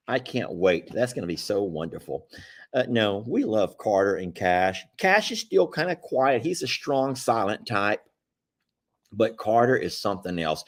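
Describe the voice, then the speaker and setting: A man's voice: on the low side, animated, a little slow. Folksy man rambling on a live stream. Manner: folksy, rambling, chuckles often. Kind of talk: casual live-stream chat.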